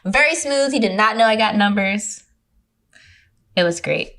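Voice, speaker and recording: Animated, swearing young woman telling a story. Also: medium pitch, a little slow. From California. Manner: animated storyteller who swears freely and acts out quotes. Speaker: podcast guest. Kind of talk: casual chat.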